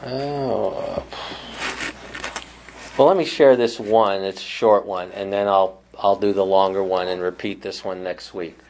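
A man's voice: low voice, steady tone, unhurried, darkish tone, a little hiss or hum. Man teaching a small Bible study. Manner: thoughtful, with many fillers and restarts.

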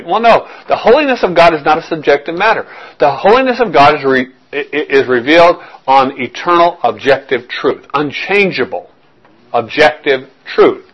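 A man's voice: fairly high pitch, big pitch swings, moderate pace, breathy edge, muffled recording. A man with a slightly raised voice teaches a verse-by-verse sermon. His delivery is conversational, full of repeated phrases and frequent check-ins with the congregation. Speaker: pastor.

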